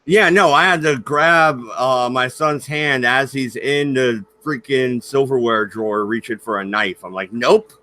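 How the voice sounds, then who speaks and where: A man's voice: medium pitch, measured pace, few pauses, bright, forceful tone, no room sound. A man hosting a casual stream, joking and laughing often while he chats with his co-hosts. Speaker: stream host. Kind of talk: casual banter chat.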